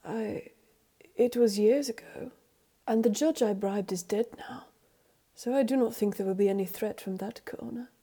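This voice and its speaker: A woman voicing an anxious, fretful gentleman who speaks in a nervous, halting way. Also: on the high side, slightly rough.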